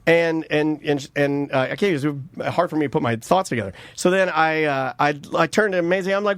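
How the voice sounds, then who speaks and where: A man's voice: a little high, fairly quick, hardly any pauses, fairly bright tone, dry recording. A man in his thirties, co-hosting a podcast and telling a rambling, joking family story with many restarts. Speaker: podcast co-host. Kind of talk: casual chat, storytelling.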